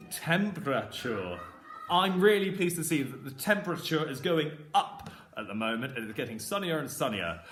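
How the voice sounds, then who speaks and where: A young male primary school teacher with a British accent, giving a phonics lesson to camera and slowly sounding out words in an encouraging way. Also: on the high side, fairly bright tone, a little hiss or hum. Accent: British English. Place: classroom. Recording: echoey classroom.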